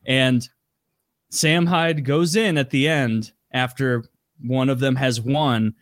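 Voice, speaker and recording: A man's voice: medium pitch, fairly even intonation, slow, dry recording, studio quality. A man retelling a story in casual chat, rambling, with many "like" fillers and frequent swearing.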